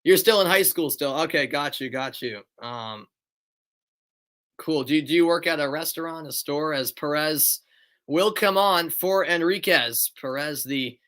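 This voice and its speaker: A man's voice: a little high, measured pace, pushed and bright. A tired young man doing live amateur play-by-play of a football match, chatting with viewers between calls. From United States. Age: young adult. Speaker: play-by-play commentator.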